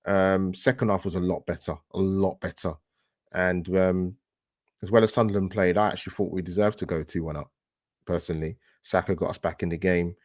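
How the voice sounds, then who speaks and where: A man's voice: low voice, fairly even intonation, fairly quick, a little mellow. A man in casual podcast chat who rants with passion and fires off rhetorical questions. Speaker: football podcast guest.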